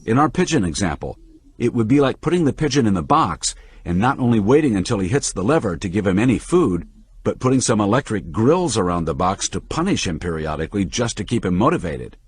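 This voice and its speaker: A man reading the part of a calm, patient manager who explains ideas to a younger man with lively emphasis. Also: fairly low pitch, fairly quick, slightly rough. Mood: patiently explaining. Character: calm middle-aged male manager, patient teacher.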